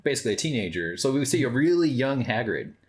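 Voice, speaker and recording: A man's voice: medium pitch, very animated, fast talker, darkish tone. An American man co-hosting a movie podcast, joking and swearing in casual banter. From United States. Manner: joking, swears freely, puts on silly voices. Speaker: podcast co-host.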